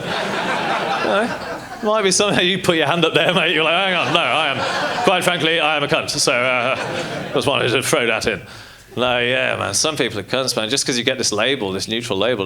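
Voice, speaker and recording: A man's voice: mid-range voice, brisk, a crowd in the background. Rambling, profane male stand-up comedian. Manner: rambling, casual and profane, full of fillers. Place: comedy club stage with audience. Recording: live comedy club with loud audience.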